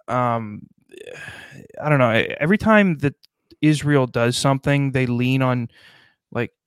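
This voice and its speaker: A man chats loosely on a comedy podcast, riffing and swearing as he goes. His voice sits at an ordinary middle pitch. The sound is dry and close, with no room around it. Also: clean tone, no room sound. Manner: riffing, profane, does quick mock voices. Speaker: podcast co-host. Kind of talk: casual comedic chat.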